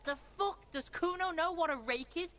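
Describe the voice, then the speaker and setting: A woman's voice: extremely high pitch, moderate pace, fairly bright tone. A woman voicing a cocky, foul-mouthed street kid boy in a video game, jeering and talking about himself in the third person.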